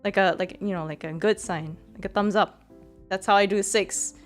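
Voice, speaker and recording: A woman's voice: mid-range voice, steady tone, moderate pace, soft background music. A woman streamer in casual chat with her viewers, rambling and giggly, full of fillers.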